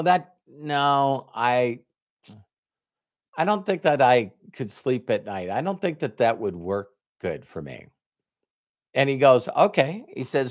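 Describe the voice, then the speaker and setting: Animated male motivational speaker. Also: mid-range voice, no room sound, studio quality. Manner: animated storyteller who acts out both sides of conversations. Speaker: network marketing trainer. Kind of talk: motivational talk with retold dialogue.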